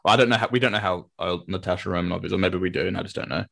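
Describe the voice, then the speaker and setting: A man co-hosting a podcast, chatting casually in a rambling, relaxed way and laughing often. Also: low voice, rapid-fire, gravelly. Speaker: podcast co-host. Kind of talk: casual chat.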